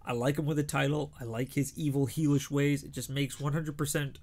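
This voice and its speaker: A man's voice: medium pitch, little pitch movement, fairly quick, darkish tone. A young man giving casual, opinionated predictions as a show host, chatty with frequent restarts.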